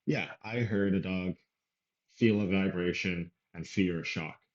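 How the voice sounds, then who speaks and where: A man's voice: low voice, unhurried, dull audio. A man doing casual reaction commentary, rambling and talking over the clip he is playing. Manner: rambling, conversational, talks over clips.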